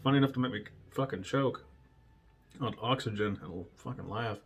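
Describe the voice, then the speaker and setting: A man's voice: on the low side, moderate pace, gravelly, slightly rough. Profane, blunt man telling stories. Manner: profane, blunt, laughs at his own stories. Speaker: podcast host. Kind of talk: casual solo storytelling.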